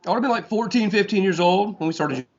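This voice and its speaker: A man in his forties from Florida, a guest guitarist in a casual interview, talking in a relaxed, rambling way with lots of fillers. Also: high-pitched, fast talker. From Florida, USA. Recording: dull lo-fi sound.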